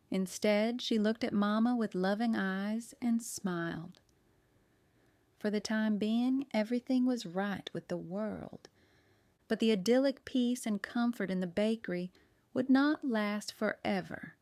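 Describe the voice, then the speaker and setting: A woman narrates a cozy mystery audiobook with lively storytelling in a mid-pitched voice. The recording is dry and close, with no room sound. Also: smooth, no echo. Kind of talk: scripted narration.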